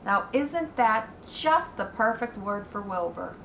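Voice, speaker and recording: A woman voicing a cheerful middle-aged farmer with a brisk, hearty manner in a roomy echo. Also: mid-range voice, animated, a bit bright, a little hiss or hum.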